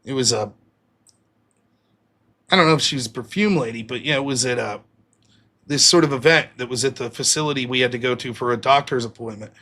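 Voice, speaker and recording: A livestream host reads out viewer donations while ranting bluntly, swearing a lot in a heated, profane way. His mid-range voice is bright and forceful, and he talks briskly but pauses often. It's a casual livestream rant.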